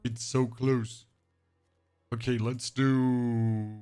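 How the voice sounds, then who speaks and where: A man streaming a game live and chatting to his viewers while playing, his voice pushed deeper and hoarse, with little emphasis. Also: level tone, extremely slow, mellow, soft background music. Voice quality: voice pushed deeper than usual, less emphasis. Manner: chatty, rambling, talks to chat while playing. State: voice sounds off, hoarse. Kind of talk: live gameplay commentary to chat.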